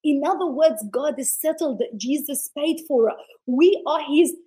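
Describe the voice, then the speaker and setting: A woman's voice: sits high, moderate pace, warm tone, low-quality recording. A woman who founded a ministry, a guest telling a healing testimony in an interview with passionate, preacher-like delivery. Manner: passionate, preacher-like, acts out quotes.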